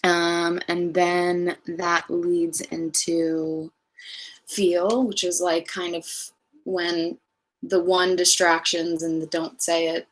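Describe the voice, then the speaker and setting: Rambling woman on a livestream, slightly low. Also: level tone, slow pace, poor audio. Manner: rambling, many fillers, gets emotional and tearful. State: emotional, near tears. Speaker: singer talking to fans on a livestream. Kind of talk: casual livestream chat.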